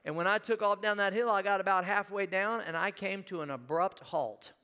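A middle-aged pastor preaches in a church sanctuary with a high-pitched, pushed, bright voice that's clear and resonant, speaking fairly quickly. He tells a funny story and puts questions to the congregation.

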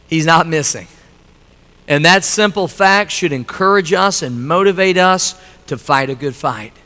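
High, bright-voiced preacher in a hall. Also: male voice. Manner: emphatic, repeating lines, telling a joke story. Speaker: pastor. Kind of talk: sermon. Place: church sanctuary.

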